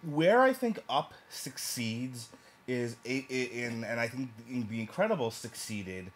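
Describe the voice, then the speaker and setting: A man's voice: medium pitch, very animated, a little slow. A man from New York casually reviewing a movie, talking emphatically and rambling with restarts.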